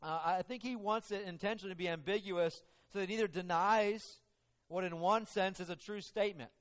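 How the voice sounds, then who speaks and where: A man preaching a sermon, telling the story in an animated way and acting out the quotes. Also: sits high, a little fast, long reverb tail. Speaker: pastor.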